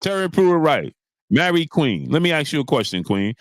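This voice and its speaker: Animated male sports stream host. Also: a little high, normal speed, no room sound. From New York. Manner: animated, preachy, repeats lines for emphasis, greets chat viewers. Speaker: sports talk show host. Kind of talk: casual live-stream commentary.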